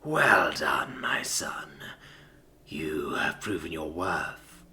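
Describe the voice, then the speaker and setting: A man voicing a gaunt, stern giant of a father in a storybook reading, with a hoarse, whispery voice and slow, grim delivery. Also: a bass voice, lively intonation, sharp tone, slight background noise, pitched below the performer's own voice, full character voice. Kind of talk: storybook narration.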